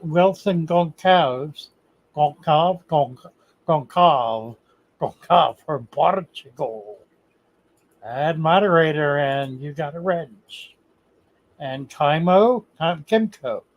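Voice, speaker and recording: Slow-talking older male stream host. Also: fairly high pitch, muffled recording. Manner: slow, halting, reads chat comments aloud. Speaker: livestream host answering viewer questions. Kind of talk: casual livestream chat.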